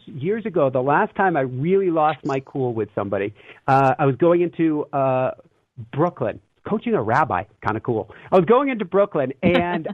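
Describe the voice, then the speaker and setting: An earnest man, reflective and given to easy laughter, with a slightly high voice. His sound is dry and squeezed into a thin, phone-like band. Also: dry recording. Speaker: guest. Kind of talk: casual spiritual talk. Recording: tinny phone-line sound.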